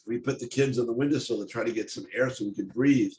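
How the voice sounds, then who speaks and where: An older man giving a personal storytelling talk on stage, speaking in a halting, intense way with many restarts. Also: mid-range voice, a little mellow. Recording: echoey room, faint noise.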